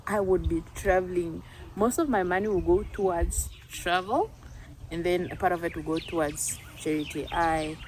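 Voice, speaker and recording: A woman's voice: mid-range voice, slight background noise. A young woman from Namibia talking casually in a vlog, earnest and reflective, often laughing at herself. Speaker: YouTuber.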